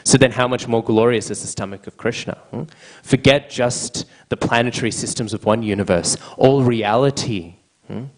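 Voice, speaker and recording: A man's voice: medium pitch, normal speed, low-quality recording. A man giving a devotional scripture class, checking in with listeners by tagging a questioning "hmm?" onto almost every phrase.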